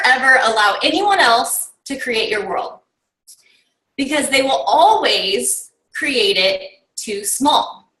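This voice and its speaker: High, bright woman rallying her team. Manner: rallying, full of rhetorical questions, fills her talk with "like" and "okay?". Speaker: team coach recapping a summit. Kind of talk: motivational talk. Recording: roomy and distant from the mic.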